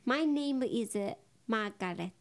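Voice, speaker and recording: Young woman, slightly high pitch, giggly casual co-host. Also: slow pace. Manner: giggly, animated, frequent laughs and fillers. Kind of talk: casual bilingual chat.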